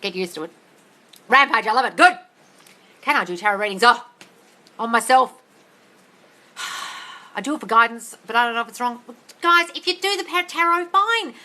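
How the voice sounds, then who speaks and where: A woman coaching viewers on a livestream, reading their questions and answering in a blunt, sweary, ranting way that often turns to yelling. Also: sits high, a little fast, pauses often, poor audio. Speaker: manifesting coach answering live chat questions. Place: home desk area. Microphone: livestream on phone or computer.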